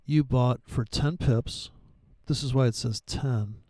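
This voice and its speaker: A man talks through his forex charts in a loose, rambling way, swearing freely and dropping sarcastic jokes. His voice is gravelly and dark, and the room sounds dry and close. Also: mid-range voice, takes it slowly, dry recording. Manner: rambling, profane, sarcastic asides. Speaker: forex trading educator. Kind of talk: casual profane trading commentary.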